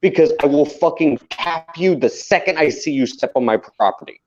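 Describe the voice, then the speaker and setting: A man's voice: on the high side, normal speed. Man ranting heatedly, full of swearing. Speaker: podcast co-host. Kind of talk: casual chat. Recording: dull lo-fi sound.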